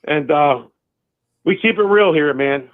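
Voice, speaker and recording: A man's voice: fairly high pitch, lively intonation, a little slow, dry recording. A man from Delaware calling in to a sports show, ranting emphatically and repeating his points. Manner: fired-up, emphatic, repeats himself. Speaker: caller. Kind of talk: fan call-in rant. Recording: tinny phone line.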